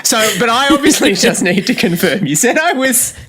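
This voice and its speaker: A man's voice: very high-pitched, very animated, a little fast, pushed and bright, slight background noise. Laughing, self-mocking man co-host. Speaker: podcast co-host. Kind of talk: casual chat.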